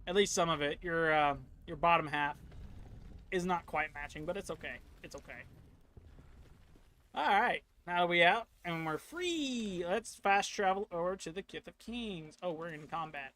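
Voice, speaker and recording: A man's voice: fairly high pitch, moderate pace, sharp tone. A man streaming a video game, chatting casually in rambling asides. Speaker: gaming streamer.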